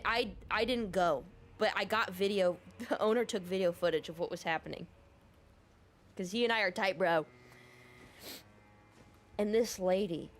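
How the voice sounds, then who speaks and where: A woman making a gaming video who tells a story in a casual, rambling, profane and sarcastic way. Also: mid-range voice. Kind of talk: casual storytelling over gameplay.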